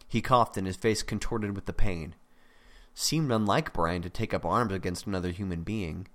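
A man reading a novel aloud in plain, even scripted narration. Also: deep voice, normal speed. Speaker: audiobook narrator.

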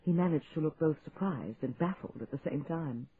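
A man reading an audiobook aloud in a lively, expressive narrating style. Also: a little high, a little fast, slightly rough. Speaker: audiobook reader. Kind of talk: scripted narration. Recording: tinny phone-like sound, faint hiss.

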